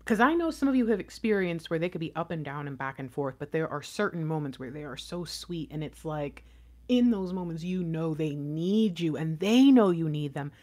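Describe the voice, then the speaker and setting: A woman's voice: sits low, expressive, normal speed, darkish tone. A woman giving a casual tarot reading to camera, chatty and rambling, giggling often and swearing casually. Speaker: tarot reader.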